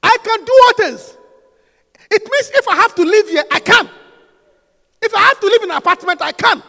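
A man's voice: very high voice, animated, fairly quick, gravelly, sharp tone. A male preacher giving an emphatic, teasing sermon in a church. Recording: long hall reverb.

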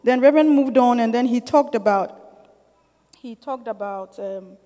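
A woman's voice: a little high, normal speed, mellow, big-room sound. A middle-aged woman giving an informal sermon-style teaching to a church group, conversational and often checking in with her listeners, growing emphatic and urging.

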